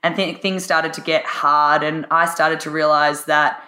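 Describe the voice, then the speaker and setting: A husky-voiced woman, a guest on a podcast, talking with enthusiasm and laughing often. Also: deep voice, level tone, measured pace, bright, forceful tone, reverberant. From Australia. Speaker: podcast guest, life coach. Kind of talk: casual interview chat.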